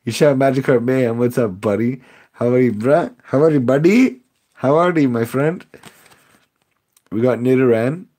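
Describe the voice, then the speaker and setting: A man's voice: medium pitch, moderate pace, a little mellow. A young man live-streaming card pack openings, chatting with viewers, sarcastic and laughing often. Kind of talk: casual live-stream chat.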